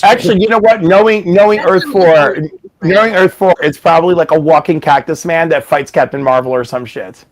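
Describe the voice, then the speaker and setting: A man who is a comedian, joking loudly and swearing freely in a casual chat. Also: a little high, fairly quick. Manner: animated, profane, joking. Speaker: comedian, co-host.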